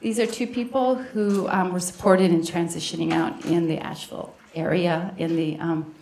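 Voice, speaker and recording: A woman's voice: lowish voice, steady tone, normal speed, darkish tone. Woman moderator in an echoey room. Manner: conversational, informal. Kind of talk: conference remarks. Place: conference room.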